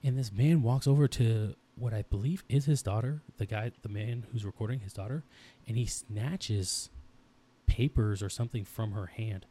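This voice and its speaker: Man, low voice, mellow tone, rambling intense podcast talk. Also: normal speed, slightly rough. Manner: rambling, intense, restarts often. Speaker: podcast co-host. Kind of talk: casual podcast chat.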